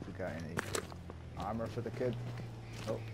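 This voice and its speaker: A man giving excitable, swearing gameplay commentary with teasing banter. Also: lowish voice, normal speed. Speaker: gamer. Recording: loud game noise behind.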